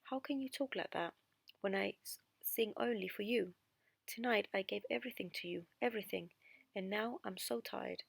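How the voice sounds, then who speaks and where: A woman's voice: mid-range voice, moderate pace, few pauses, darkish tone, dry recording, close to an everyday voice. Woman reading as a frightened young singer. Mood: afraid. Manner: unhappy, afraid.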